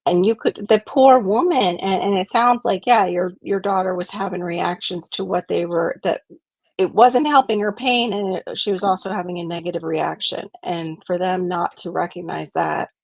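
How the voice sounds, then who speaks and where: A woman hosts a casual live stream, sharing stories with earnest animation. Her voice carries a gravelly, fry-tinged texture. The sound is dry and close, with no room around it. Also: fairly low pitch, normal speed, no echo, poor audio. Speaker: host of a gardening live stream.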